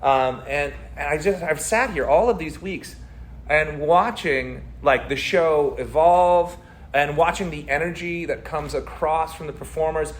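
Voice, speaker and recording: A man, a community theater actor, chatting as an interview guest in an energetic, rambling way full of fillers and tangents. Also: fairly high pitch, a little slow, a little hiss or hum. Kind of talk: casual interview chat.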